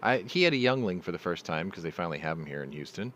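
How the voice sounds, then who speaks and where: Middle-aged male chat host with a very low voice and a rambling, profane storytelling style. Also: lively intonation, fast, a bit bright, slight background noise. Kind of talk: casual live chat.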